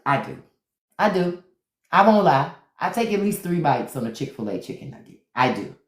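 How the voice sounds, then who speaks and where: Woman on a phone livestream, lowish voice that swings all over, laughing and cussing, echoey room. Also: very animated, normal speed. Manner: candid, laughing, swearing freely. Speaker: livestream host. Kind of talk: casual chat reading live comments. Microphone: phone during a live stream.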